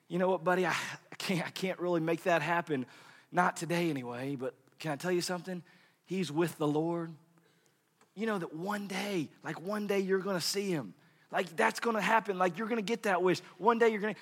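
A man in his thirties preaching a sermon, swinging between hushed murmurs and shouted peaks. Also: mid-range voice. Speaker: pastor. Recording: long hall reverb.

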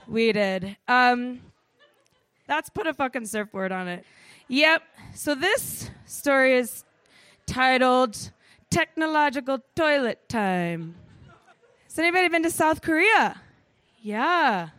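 A woman telling a comic travel story on stage, animated, swearing freely and saying "like" a lot. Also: high voice, slow, no room sound. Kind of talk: live comedic storytelling.

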